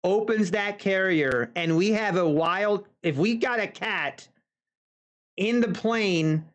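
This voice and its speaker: Slow-talking chatty man. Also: high-pitched, fairly bright tone. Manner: chatty, folksy asides to viewers. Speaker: futures trader streaming live. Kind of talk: casual anecdote on a livestream.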